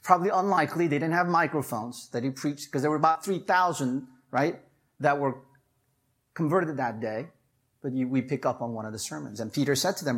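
A pastor preaching a sermon in a conversational way, often checking in with "right?" and "you know?", and climbing in pitch and force to stress key points. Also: animated, brisk.

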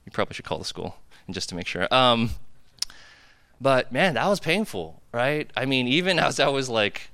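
Speaking at normal speed in a medium-pitched, sing-song voice that sounds pushed and bright, a U.S. pastor in his thirties delivers a casual personal sermon, recorded dry. In a hall with a cafeteria, he shares confessional stories, dropping "like" and "right?" throughout.

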